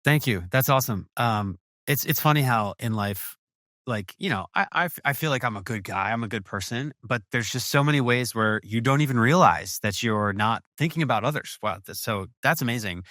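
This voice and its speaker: A man's voice: medium pitch, lively intonation, brisk, pushed and bright, no room sound, studio quality. A man hosting a podcast interview, talking in an enthusiastic, effusive way with lots of restarts. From USA. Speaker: podcast host. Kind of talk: casual interview chat.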